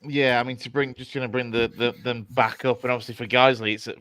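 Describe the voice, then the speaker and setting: Smooth-voiced Yorkshire pundit. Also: male voice, mid-range voice, level tone, a bit bright. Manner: halting, many fillers and restarts. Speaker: co-host pundit. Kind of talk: casual football chat.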